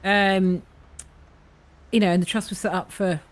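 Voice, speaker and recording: A woman's voice: medium pitch, fairly even intonation, measured pace. A woman playing a tabletop game, hesitant and full of fillers, narrating her character's actions. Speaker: player.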